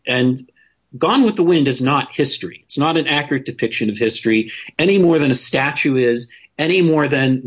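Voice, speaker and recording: An opinionated man talks through a casual podcast discussion, blunt and quick to curse, often stumbling over his own restarts. His voice is slightly husky and sits at a middling pitch. The recording is a bit dull and lo-fi. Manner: opinionated, blunt, swears freely, many restarts.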